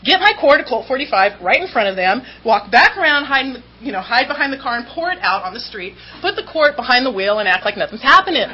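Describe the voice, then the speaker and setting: A woman with a fairly high, bright voice tells her recovery story to a room, swooping up and down as she laughs at her own past. Her manner is candid and self-mocking. The recording sounds a little muffled, with a faint hum underneath. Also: quick pace, hardly any pauses. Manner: lively, self-mocking, laughs while telling. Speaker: AA meeting speaker. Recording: slightly dull recording with faint background hum.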